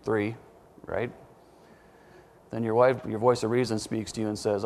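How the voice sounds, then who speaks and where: A man's voice: fairly low pitch, little pitch movement, measured pace, gravelly, pauses often, a little mellow, slight background noise. A man preaching a sermon in a conversational way, quizzing his listeners with questions and dropping self-deprecating asides.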